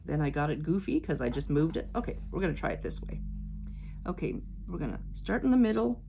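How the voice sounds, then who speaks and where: A woman's voice: low-pitched, big pitch swings, brisk, gravelly, dark tone, a little hiss or hum. A woman quilting vlogger chatting casually to her viewers as she works, fretting and cheering herself on. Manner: chatty, self-doubting, talks to viewers as "you guys". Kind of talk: casual talk-along while sewing.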